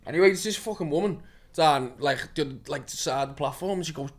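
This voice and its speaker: A man with a Liverpool accent talks fast and excitedly in a casual podcast chat. His voice sits a bit high for a man. He swears freely and laughs through his stories. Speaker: guest actor.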